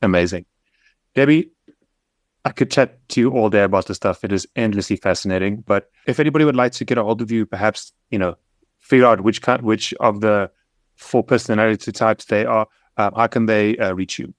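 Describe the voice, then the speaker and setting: A man hosting a podcast, briskly wrapping up the interview. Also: on the low side, no room sound, clean studio sound. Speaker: podcast host. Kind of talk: casual interview chat.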